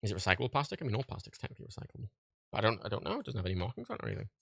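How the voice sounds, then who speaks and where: A man's voice: on the low side, big pitch swings, rapid-fire, creaky, no room sound, studio quality. A man chatting casually on a livestream while packing orders, ranting with heavy swearing and frequent laughter. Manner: profane, ranting, laughs often.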